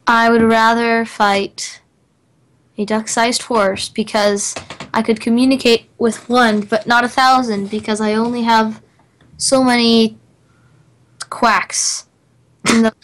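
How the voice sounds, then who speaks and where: A woman's voice: on the high side, little pitch movement, slow, long pauses, a bit bright. A woman chatting as a guest on a casual show, playful and a bit scattered. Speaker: guest singer. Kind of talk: casual chat.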